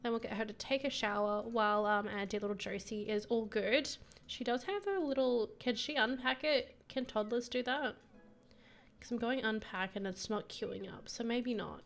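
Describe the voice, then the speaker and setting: A young woman with a croaky voice giving bubbly, giggly casual commentary on her life-sim gameplay. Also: a little high, moderate pace, soft background music. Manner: bubbly and giggly, gushing over her characters. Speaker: gaming YouTuber.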